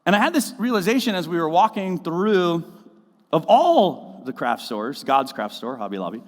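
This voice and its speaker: A man's voice: on the high side, big pitch swings, normal speed. A man preaching a casual, conversational sermon as the pastor of his church, joking and slipping into mocking voices. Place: church auditorium. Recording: reverberant church hall.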